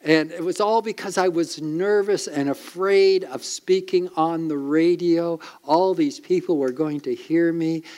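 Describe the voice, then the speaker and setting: A male pastor preaching with earnest emphasis. His voice sits a little high for a man, and he leans on dramatic pauses to drive his points home. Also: a little mellow. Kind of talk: sermon.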